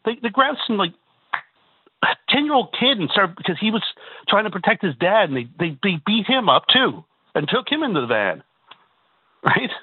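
A man's voice: sits high, big pitch swings, normal speed, long pauses, husky, no echo. Heated male caller on a phone line. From Canada. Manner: emphatic, repeats words, rhetorical asides. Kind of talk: call-in radio talk. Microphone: telephone.

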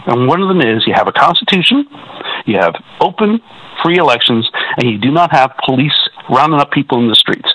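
A man's voice: mid-range voice, animated, moderate pace, a bit bright, husky, rough recording. A Canadian man calling in to a radio talk show, talking in an agitated way with many stumbling restarts. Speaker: caller.

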